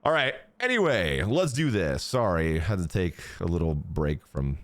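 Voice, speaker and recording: A man's voice: low-pitched, normal speed, no room sound. Guy streamer ranting to chat, swears a ton, voice jumps all over, dry close mic. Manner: animated, crude, swears a lot. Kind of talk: casual storytelling to chat.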